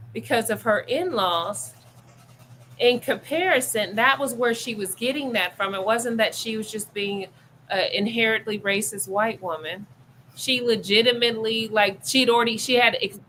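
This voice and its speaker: Middle-aged woman co-host, bright voice, animated storytelling, acts out quotes, faint noise behind. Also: fairly high pitch, poor audio. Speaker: podcast co-host. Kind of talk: casual discussion.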